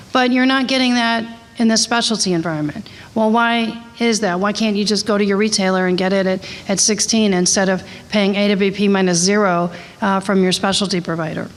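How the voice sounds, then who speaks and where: A woman giving a conversational slide presentation to a conference audience, candid and chatty, with frequent fillers and asides. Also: medium pitch. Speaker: conference presenter on drug costs. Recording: long hall reverb.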